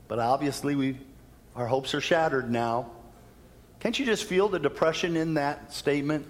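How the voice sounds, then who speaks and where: A male pastor preaching a sermon in a church, telling the story in an animated way and changing his pace for emphasis. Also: on the high side, normal speed. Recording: long church reverb.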